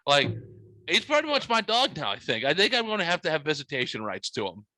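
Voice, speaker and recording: A man telling a story on a casual podcast, bright and forceful in tone and pitched a little high. He swears a lot and acts out his own yelling as he goes. The sound is dry and close to the mic. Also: huge pitch swings, fast, dry recording. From United States. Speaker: podcast host.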